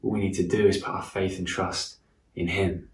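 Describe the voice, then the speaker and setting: Low-voiced man preaching in an echoey room. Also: level tone, recorded from a distance, a little hiss or hum. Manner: earnest, slows and softens for emphasis. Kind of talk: sermon.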